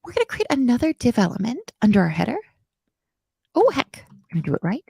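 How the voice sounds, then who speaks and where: A woman leads a live coding lesson in a chatty, self-deprecating way, her pitch swinging widely as she talks. Her voice has a gravelly fry at the ends of phrases. The sound is dry and close, with no room around it. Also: huge pitch swings, quick pace, warm tone, no room sound. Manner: slips into playful quoted voices and whispers. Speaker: coding instructor on a live stream.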